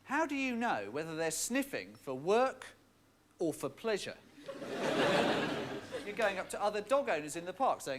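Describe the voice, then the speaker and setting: A man's voice: sits high, big pitch swings, normal speed, pauses often, slight background noise. A man doing a dry, mocking stand-up monologue. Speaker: comedian.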